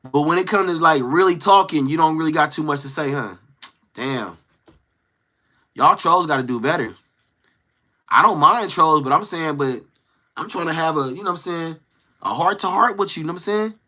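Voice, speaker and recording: A man's voice: on the high side, lively intonation, moderate pace, pauses often, sharp tone. A young man streaming live, casually chatting with his viewers and playfully teasing trolls in the chat. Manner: teasing, playful trash talk.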